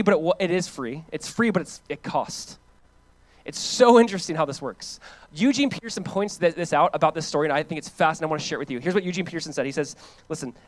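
Preaching as pastor, a high-pitched man from the United States keeps things conversational and animated. He shifts from loud, emphatic lines to hushed ones, repeats phrases for emphasis, and there's no room sound.

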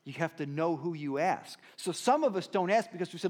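A man preaching a sermon in a conversational storytelling manner, swinging between loud emphatic lines and quiet asides. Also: on the high side, animated, fairly quick. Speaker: pastor.

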